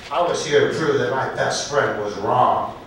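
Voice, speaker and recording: A man at an open mic night in a comedy club, telling a story in a halting, deliberate way and correcting himself as he goes. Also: mid-range voice, fairly bright tone, slight background noise. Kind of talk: storytelling stand-up set. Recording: echoey club recorded from far off.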